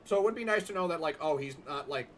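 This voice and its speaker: A young man giving excitable, jokey let's-play commentary, swearing casually. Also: a little high, fast, slight background noise. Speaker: gaming host.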